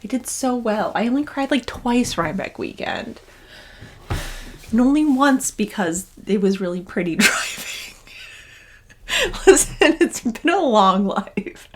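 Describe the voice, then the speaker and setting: A woman's voice: fairly high pitch, expressive, unhurried. Chatty young woman vlogger, gushing, casual and unscripted. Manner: gushing, chatty, rambling with restarts. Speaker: knitting vlogger and yarn dyer. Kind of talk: casual vlog chat.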